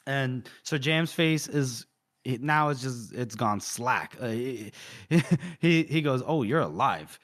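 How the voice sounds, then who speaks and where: A man co-hosting a podcast, casually retelling a novel's scenes with lots of fillers and quick quoted lines. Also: medium pitch, fairly bright tone. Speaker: podcast co-host. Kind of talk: casual book-discussion chat, retelling scenes.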